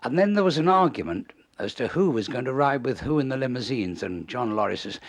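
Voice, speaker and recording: An older man with a gravelly, husky voice, spinning lively anecdotes as an interview guest. He tells his stories with relish and chuckles along at them. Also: medium pitch, a little fast. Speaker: comedy writer, interview guest. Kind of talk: anecdotal storytelling.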